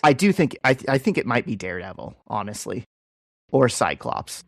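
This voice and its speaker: Male podcast host, casual comic recap, chatty storyteller, mid pitch, dry close sound. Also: very animated, moderate pace, gravelly, no room sound. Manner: chatty, storytelling, with many fillers and restarts.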